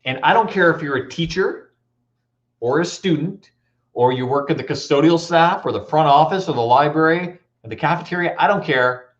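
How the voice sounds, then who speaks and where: A man's voice: fairly high pitch, normal speed. A man giving a motivational talk at a school assembly, telling stories and quizzing the audience. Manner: animated, storytelling, audience questions. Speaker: motivational speaker. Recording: dull lo-fi recording.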